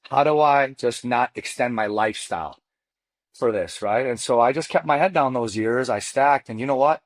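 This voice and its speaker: A man in his forties, a mortgage coach, tells his rise as a podcast guest. His talk is animated and slangy, full of "dude" and "man." His mid-pitched voice sounds close and dry. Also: dry recording. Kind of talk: casual storytelling interview.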